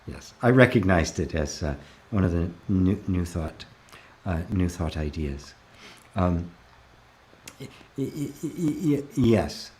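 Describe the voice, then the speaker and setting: Male spiritual teacher, deeper voice, calm live Q&A host reading comments, gentle laughs. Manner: calm, reflective, often slows to stress a word.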